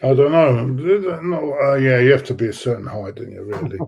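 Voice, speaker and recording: A man's voice: mid-range voice, animated, fairly quick, vocal fry, darkish tone, husky, lo-fi sound. A man co-hosting a football watch-along, reacting bluntly to the play with short exclamations and swearing. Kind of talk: casual reactions while watching a match.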